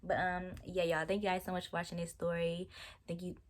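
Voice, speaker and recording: A young vlogger faces the camera and tells, with animated exasperation and lots of slang, the story of a bad date. She talks fast in a voice pitched low for a woman, staying casual and chatty all the way.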